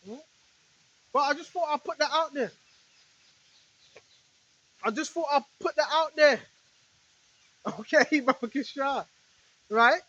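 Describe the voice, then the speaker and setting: A woman's voice: high-pitched, slow, long pauses, muffled recording. A woman preacher in a rambling spiritual monologue, repeating herself and firing rhetorical questions at her listeners. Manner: talks straight to listeners, now and then shouting rebukes at spirits.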